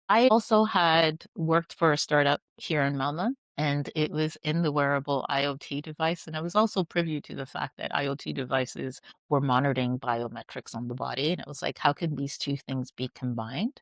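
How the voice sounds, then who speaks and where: A middle-aged woman, an entrepreneur being interviewed, talking in a lively storytelling way. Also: low-pitched, no echo, clean studio sound. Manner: animated, acts out quoted voices. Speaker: entrepreneur guest.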